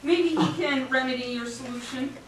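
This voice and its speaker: A woman's voice: sits high, moderate pace, close to an everyday voice. A woman voicing a forgetful, good-natured male giant in a story, talking in a casual, absent-minded way, recorded from a distance in a roomy, noisy space.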